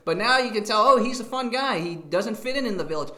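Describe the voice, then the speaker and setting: A man giving excitable, animated reaction commentary on a video clip. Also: high voice, fast, hardly any pauses.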